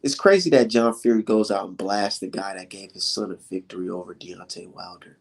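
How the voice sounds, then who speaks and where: A man's voice: deep voice, a little fast. A man rants about boxing in a loose, casual commentary. He is heated and profane and keeps throwing out rhetorical questions, with short laughs between his points.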